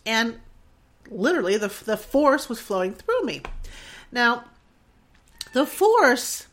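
A woman's voice: a little high, animated, unhurried, a bit bright. A woman in her forties hosting a podcast, talking in an earnest, reflective monologue that rambles with restarts and wavers with emotion. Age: 40s. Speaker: podcast host.

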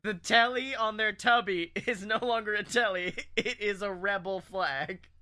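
A man's voice: high-pitched, unhurried, pushed and bright. A man from Alabama, co-hosting a comedy podcast in crude, profane banter and laughing often. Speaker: podcast co-host.

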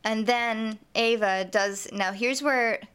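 A woman's voice: a little high, fairly bright tone, clear, resonant tone. Chatty woman co-hosting a recap. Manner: conversational, quick agreement, quotes characters. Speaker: podcast co-host recapping a TV episode. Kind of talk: casual chat.

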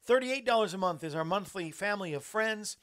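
A man's voice: high-pitched, expressive, fairly quick, a bit bright. A man hosting a talk show, chatting in a rambling way and laughing at his own jokes. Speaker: host.

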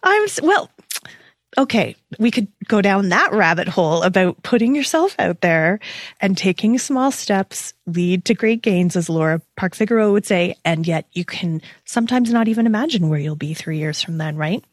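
A woman's voice: medium pitch, normal speed, dry recording, studio quality. Bubbly woman host. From Canada. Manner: bubbly, excitable, laughs often. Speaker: podcast host. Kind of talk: casual interview chat.

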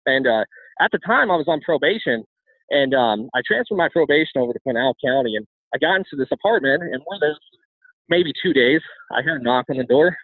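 A man tells his life story at a quick clip, stumbling over and repeating his words as he goes. His voice comes through thin and phone-like, with a dry, close sound. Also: mid-range voice, expressive, no echo. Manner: rapid, with frequent restarts and repeated words. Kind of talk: candid personal storytelling.

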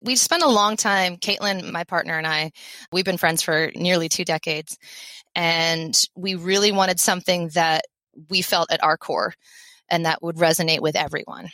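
A lively woman in her thirties from the Philadelphia area tells her career story as a podcast guest. Her voice sits slightly low, and she laughs easily. The sound is close and dry. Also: normal speed, dry recording. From Philadelphia area, USA. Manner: upbeat, energetic, laughs often. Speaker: podcast guest, veterinary technician. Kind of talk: conversational interview.

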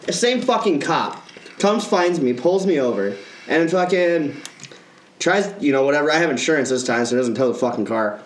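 Animated swearing man telling a story. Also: on the high side, moderate pace, reverberant. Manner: profane, animated ranting. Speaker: podcast co-host. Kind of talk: casual storytelling.

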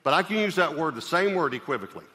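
A pastor delivering a sermon in an emphatic, conversational way, often checking in with the congregation through questions. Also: male voice, on the high side, lively intonation, fast talker, sharp tone. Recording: long reverb of a large hall.

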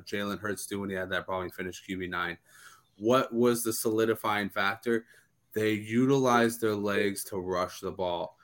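A low-voiced man talks fast and with conviction on a podcast. He lays out his case by asking a question and then answering it himself. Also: fairly bright tone. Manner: quick, emphatic, builds arguments with questions. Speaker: guest analyst. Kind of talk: casual podcast analysis.

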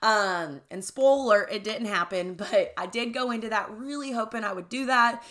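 A woman's voice: fairly high pitch, normal speed, fairly bright tone. A young adult woman hosting a podcast, telling a candid story in casual talk, swearing freely and often asking "right?". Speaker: podcast host.

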